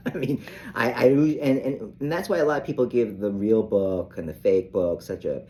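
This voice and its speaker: An older man teaching saxophone in an unhurried, rambling way, often restarting his sentences. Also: on the low side, darkish tone, a little hiss or hum. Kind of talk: casual instructional talk.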